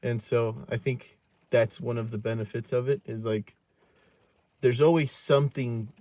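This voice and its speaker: Give me a laid-back young man co-hosting a podcast, animated when he quotes others. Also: mid-range voice, measured pace, no room sound. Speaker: podcast co-host. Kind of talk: casual chat.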